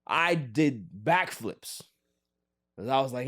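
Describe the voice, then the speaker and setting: A man hosting a casual sports podcast, joking and theatrically pleading in an animated way. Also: on the low side, normal speed, no echo, studio quality. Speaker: podcast host.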